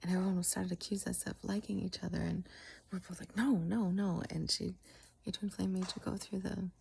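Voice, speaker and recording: A woman telling a long story casually, often dropping into a soft whisper and pausing with halting fillers. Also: lowish voice, flat delivery, gravelly, slightly rough.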